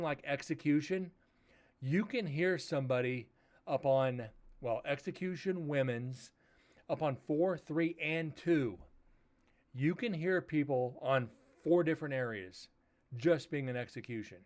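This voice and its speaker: A man hosting a paranormal livestream, chatting casually and rambling a little, with a loud voice that he says carries far. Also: a little high, unhurried. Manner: rambling, laid-back talk with fillers. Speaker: paranormal investigator host.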